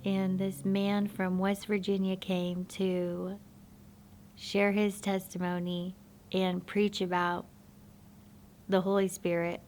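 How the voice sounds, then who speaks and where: A woman telling her personal faith testimony in a soft-spoken, halting, reflective way. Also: medium pitch, level tone, slight background noise.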